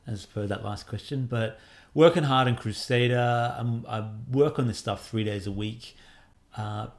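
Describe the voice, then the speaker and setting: A man in his forties, an indie game developer casually answering fan questions, chatty and self-deprecating with lots of fillers. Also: lowish voice. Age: 40s. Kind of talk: casual Q&A monologue.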